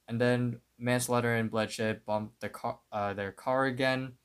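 A man co-hosting a podcast, casually recapping a cartoon episode and telling it in an unhurried way with plenty of fillers. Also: medium pitch, steady tone, clear, resonant tone. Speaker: podcast co-host.

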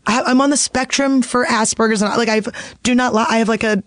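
A woman guest on a podcast, telling a story in a blunt, profane, animated way. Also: a little high, brisk, dry recording, clean studio sound. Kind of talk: casual chat.

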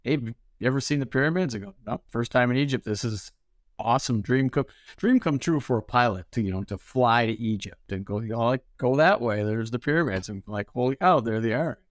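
A man spins animated stories, acting out each exchange with bursts of laughter. His voice sits at an ordinary pitch and the recording is dry and close. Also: brisk, no room sound. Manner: animated, laughing storyteller who acts out dialogue. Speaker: ferry pilot guest. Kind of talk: storytelling interview.

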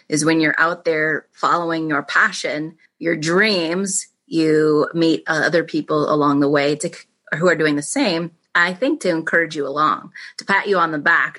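Woman podcast host, low pitched and bright, eager and encouraging in casual conversation. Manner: warmly encouraging, eager reactions. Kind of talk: casual interview chat.

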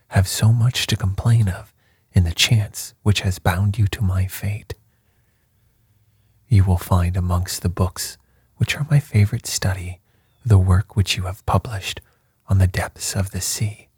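Stern commanding captain, cold and unyielding, low and unhurried, voiced by a male audiobook reader. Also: warm tone, slightly rough, no echo, studio quality, full character voice.

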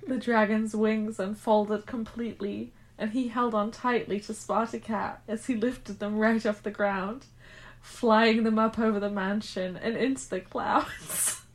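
A woman's voice: mid-range voice, steady tone, measured pace. A woman co-hosting a podcast, chatting casually and reading fan fiction aloud, often breaking into giggles mid-sentence. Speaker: podcast co-host.

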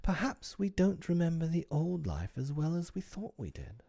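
A man's voice: lowish voice, very animated, moderate pace, dark tone, husky, dry recording, heavily acted. A man reading aloud, voicing a motherly, earnest young girl with a faltering manner.

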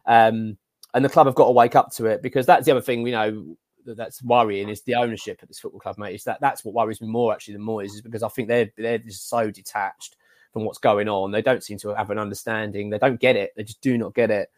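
A man from England co-hosting a casual football podcast, giving animated, exasperated opinions and calling his co-host mate. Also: on the low side, quick pace, no room sound, studio quality.

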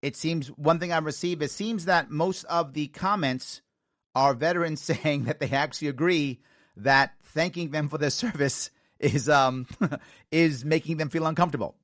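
An American man in his forties hosting a talk show, telling stories in an animated way, acting out quoted lines and giggling now and then. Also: fairly high pitch, normal speed, dry recording, clean studio sound. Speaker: radio talk show host. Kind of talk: casual talk show monologue.

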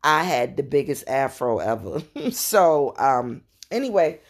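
Podcast host: New woman, low voice, chatty storyteller with laughing asides. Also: sing-song, unhurried. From New York. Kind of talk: casual storytelling.

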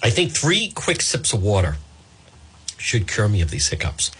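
A man's voice: on the low side, wildly swooping pitch, normal speed, a bit bright, breathy edge. A male radio host, chatting live on air while fighting hiccups and apologizing with self-mocking humor. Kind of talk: live talk radio, casual.

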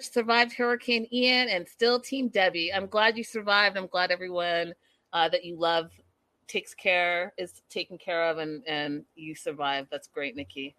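A woman vlogger recapping a reality show in casual, animated, gossipy chat with dramatic asides. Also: lowish voice, normal speed, dry recording.

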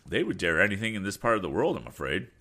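A man's voice: low voice, big pitch swings, fast talker, pushed and bright, voice pushed up, full character voice. Man voicing a steely, grave sea captain. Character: steely, calm middle-aged sea captain.

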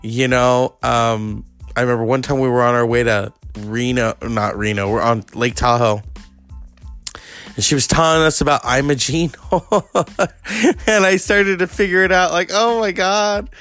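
A man's voice: medium pitch, fairly even intonation, normal speed, fairly bright tone, clear, resonant tone, no echo, soft background music. A man hosting a podcast, telling rambling stories in a chatty, profane way. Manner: rambling storyteller, profane, chatty with many fillers. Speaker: podcast host. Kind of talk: casual podcast monologue.

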